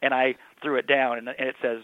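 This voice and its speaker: A quick-talking man calls in over a thin, tinny phone line. He tells his stories with energy, putting on the voices of the people he quotes. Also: medium pitch, dry recording. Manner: animated anecdotes, acts out quoted voices. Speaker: comedy magician guest. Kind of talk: casual interview storytelling.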